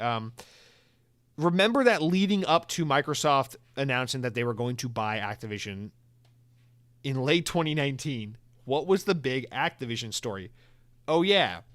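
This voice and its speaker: A young man hosting a solo podcast, talking casually and jokily with swearing and quick asides. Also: mid-range voice, fairly bright tone. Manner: casual, profane, joking riffs with put-on voices. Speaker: podcast host.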